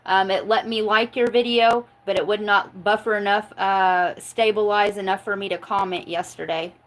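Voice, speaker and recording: Reading live chat on her tarot stream, this chatty Oklahoma woman keeps things casual, cursing without hesitation and breaking into frequent laughter between jokes. She speaks at a normal speed in a medium pitch with fairly even intonation, and the recording quality is poor.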